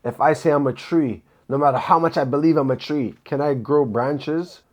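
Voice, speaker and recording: A man's voice: fairly high pitch, normal speed. A man giving preacherly commentary, emphatic and full of rhetorical questions and scripture quotes. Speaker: commentator on a podcast clip.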